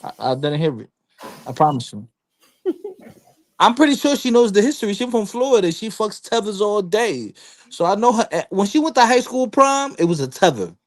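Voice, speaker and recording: A man's voice: high voice, very animated, normal speed. A man on a casual podcast panel, rambling through long explanations and slipping into quoted voices. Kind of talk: casual chat.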